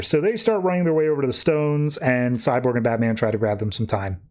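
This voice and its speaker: A man hosting a podcast, giving a casual, animated recap of a comic book and acting out the characters in quick voices. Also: medium pitch. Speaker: podcast host.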